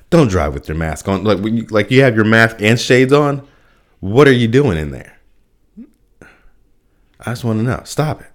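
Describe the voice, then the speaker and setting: A man hosting a podcast alone, rambling through a casual rant with lots of fillers, restarts and little laughs at himself. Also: lowish voice. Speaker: podcast host.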